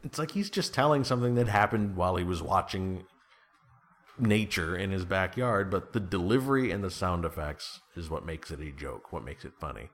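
Really deep-voiced guy chatting about his writing, jokey, keeps laughing and doing little voices. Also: moderate pace. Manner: playful, laughs often, slips into comic voices. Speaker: author guest. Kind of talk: casual interview chat.

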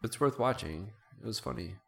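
A man's voice: on the low side, expressive, brisk, gravelly. A man co-hosting a podcast, easygoing in casual chat.

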